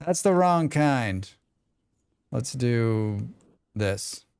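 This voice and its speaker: A man's voice: mid-range voice, expressive, extremely slow, vocal fry, darkish tone, clear, resonant tone, no room sound. A man streaming a game live, chatting casually with viewers and talking to himself as he plays, rambling and swearing freely. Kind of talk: casual live-stream chat while playing.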